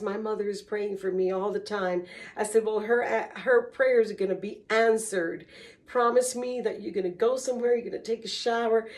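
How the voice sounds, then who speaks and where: A woman recounting a personal story at an unhurried, deliberate pace, with a fairly high voice. She speaks earnestly, like someone giving a testimony, and now and then slips in a short exclamation of faith.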